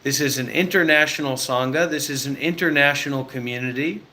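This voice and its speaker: A sarcastic man hosting a livestream, talking bluntly and teasing the people around him. His voice is bright and forward, and a faint background hiss sits under it. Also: a little high, a little fast. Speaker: livestream host. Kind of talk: casual livestream chat.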